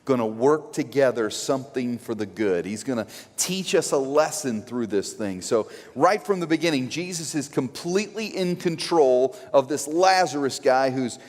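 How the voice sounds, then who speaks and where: A man preaching a sermon as pastor, an animated, joking storyteller who acts out quotes. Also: mid-range voice, normal speed, few pauses. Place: church sanctuary. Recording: long church hall reverb.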